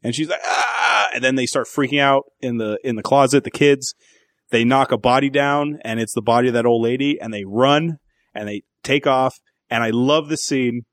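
A man's voice: medium pitch, steady tone, normal speed, dry recording. A man in his thirties co-hosting a podcast, casually and profanely retelling movie scenes. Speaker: podcast co-host. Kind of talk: casual movie review chat.

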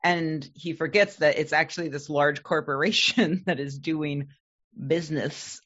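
A low-voiced woman co-hosting a podcast in relaxed, casual chat, quick to laugh. The recording sounds a little dull. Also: husky. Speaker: podcast co-host.

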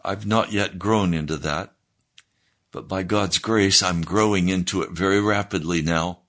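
Male preacher, low voice, slow and emphatic, teaching-style sermon. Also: fairly even intonation, fairly bright tone. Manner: deliberate teaching delivery, explaining scripture word by word.

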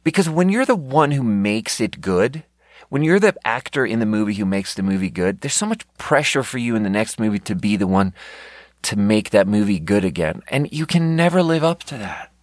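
Low-voiced man ranting sarcastically. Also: big pitch swings, normal speed, no room sound, clean studio sound. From Europe. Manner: rambling, sarcastic, swears often. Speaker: podcast host. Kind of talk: unscripted podcast rant.

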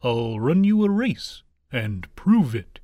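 A slow, steady male tortoise from a read-aloud fable, calm and sure of himself, played by a male storyteller. He talks in drawn-out, deliberate words. The sound is dry and close to the mic. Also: mid-range voice, no echo, dull audio.

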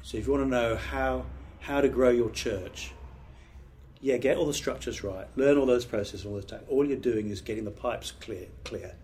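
A man's voice: mid-range voice, normal speed, a little mellow, a little hiss or hum. A middle-aged British man, a pastor, giving a training talk on preaching in an earnest, emphatic, conversational way with restarts. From Britain.

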